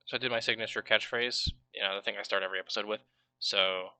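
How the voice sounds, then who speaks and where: Bright-voiced, rambling game master man. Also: fairly low pitch, fairly even intonation, fast talker, no room sound. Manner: casual and rambling, with swearing and many fillers. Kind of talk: recapping a tabletop game on a livestream.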